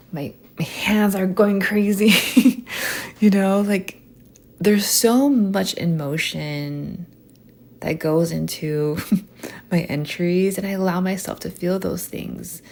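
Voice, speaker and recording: A young woman hosting a podcast, talking softly and unfiltered in a chatty stream of consciousness, full of "like" fillers. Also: on the low side, creaky. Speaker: podcast host. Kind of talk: soft stream-of-consciousness monologue.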